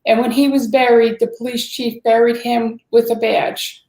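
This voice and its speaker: A woman from Massachusetts, a guest in an interview, explaining in a steady, earnest way. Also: fairly high pitch, normal speed, reverberant, low-quality recording. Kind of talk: interview conversation.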